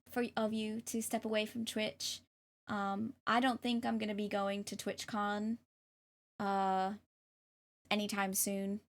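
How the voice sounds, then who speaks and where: A young woman streaming live and reading tarot, speaking gently and hesitantly with many ums and restarts. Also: mid-range voice. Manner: gentle and affirming. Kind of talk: casual live-stream chat.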